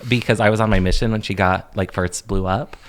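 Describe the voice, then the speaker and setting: A man's voice: on the low side, steady tone, fairly quick. A man in his thirties co-hosting a podcast, mostly reacting with short interjections and dry quips. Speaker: podcast co-host. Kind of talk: casual podcast chat.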